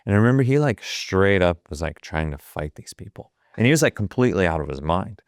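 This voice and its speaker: Deep-voiced man in his fifties, swearing storyteller. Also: very animated, brisk, no echo, studio quality. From Ohio. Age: 50s. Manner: profane, vivid retelling that acts out the quoted dialogue. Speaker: guest, photographer. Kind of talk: casual storytelling.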